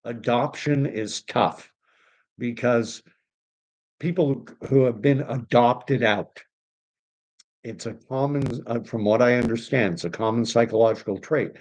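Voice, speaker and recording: A man's voice: mid-range voice, a little slow, a little mellow. Rambling man hosting a livestream. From Canada. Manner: rambling and enthusiastic, with frequent restarts. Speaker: online commentary host. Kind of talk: casual livestream chat, reading viewer comments.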